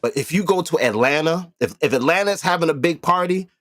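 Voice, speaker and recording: A man's voice: on the high side, animated, fast talker, a bit bright, dry recording, studio quality. A man hosting a podcast in casual chat, emphatic and profane, repeating himself for effect. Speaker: podcast host.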